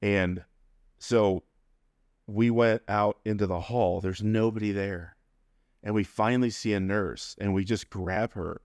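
A man telling a personal story as an interview guest, animated and acting out the people in it. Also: on the low side, measured pace, dry recording, studio quality. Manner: animated, acts out quoted voices.

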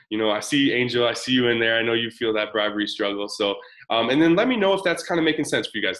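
A man's voice: medium pitch, a bit bright, rough recording. A man in his thirties presenting a live parenting webinar, talking casually and energetically while answering chat comments.

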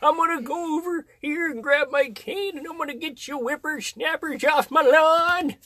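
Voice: high voice, normal speed, bright, forceful tone, voice pushed up. An adult putting on the voice of a grumpy old grandpa who fusses about his cane and chases kids off his lawn. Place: very small room.

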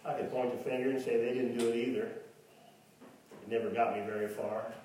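A man's voice: flat delivery, moderate pace, dark tone, slight background noise. Man, preacher, sermon, mocking asides, distant mic, echoey church hall. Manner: mocks imagined doubters in a high voice.

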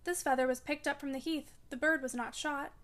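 A woman's voice: high voice, fairly even intonation, brisk, a bit bright. A woman reading a feverish wild young lady. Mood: dreamy. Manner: dreamy, frightened, pleading. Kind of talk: audiobook reading.

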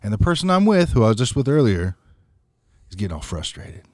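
A man in casual podcast chat, telling a story with lively quoted dialogue and plenty of swearing. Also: mid-range voice, a little fast, no echo, studio quality. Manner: animated storytelling, acts out quotes, swears freely.

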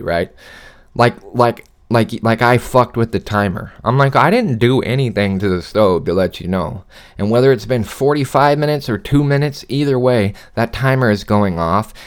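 A man in his thirties hosting a podcast from his apartment studio, telling a long profane story in a heated, animated rant, still getting over a cough. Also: on the low side, clean tone. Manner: animated ranting, swears a lot. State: recovering from a cough. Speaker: podcast host.

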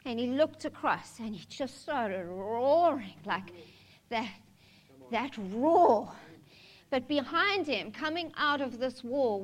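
A woman preaching a sermon in a candid, conversational way, mixing humor with scripture. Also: a little high.

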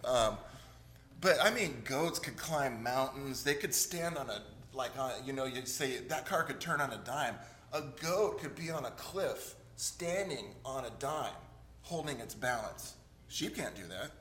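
A man's voice: medium pitch, a bit bright. A middle-aged man, a pastor, preaching a casual sermon with jokes and frequent asides asking the congregation to agree. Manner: conversational, joking, asks "right?" often.

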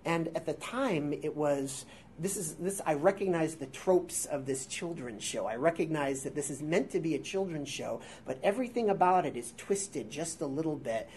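A man in his forties with a high-pitched voice, a guest improviser telling rambling, self-deprecating stories in a casual interview before a live audience. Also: lively intonation, moderate pace, a little mellow, slight background noise. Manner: rambling, self-deprecating, with filler words and restarts. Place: theater workshop space before a live audience.

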